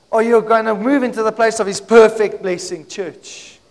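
A pastor preaching a sermon in a church hall, with call-and-response, swinging from hushed to shouting. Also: male voice, high-pitched, steady tone, normal speed, few pauses.

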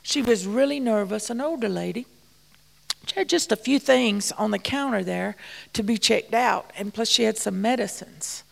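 A woman's voice: a little high, moderate pace, vocal fry, in a large hall. A woman preaching in a folksy, storytelling way, dropping at times to near-whispers. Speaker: church missions speaker. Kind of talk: storytelling sermon.

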